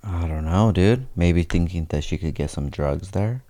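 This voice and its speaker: A man's voice: low-pitched, normal speed, warm tone, dry recording. A young man co-hosting a podcast, chatting casually and jokingly, often saying "dude". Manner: laid-back, joking, says "dude" a lot. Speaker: podcast co-host. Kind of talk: casual chat.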